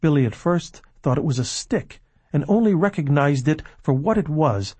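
A man reading a novel aloud as narrator, measured and dropping low and quiet at tense moments. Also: expressive, breathy edge, dry recording. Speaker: audiobook narrator. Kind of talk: scripted narration.

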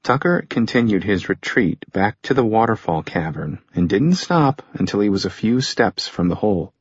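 A man reading a thriller audiobook in measured, steady scripted narration. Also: fairly low pitch, breathy edge, no echo. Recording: dry muffled recording.

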